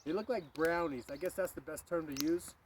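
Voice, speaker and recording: High-voiced rambling man outside by traffic. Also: brisk. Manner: rambling, animated, swears freely, interrupted by passing cars. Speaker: storyteller. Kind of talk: casual outdoor storytelling to camera. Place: outdoors by a street. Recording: street traffic noise behind.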